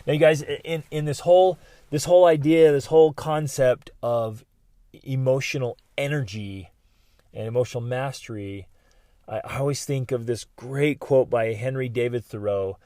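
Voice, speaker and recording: A middle-aged man hosting a podcast, telling personal stories in an animated way and acting out what people said. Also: mid-range voice, normal speed, dry recording, studio quality. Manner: animated storyteller, acts out quotes loudly. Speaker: podcast host.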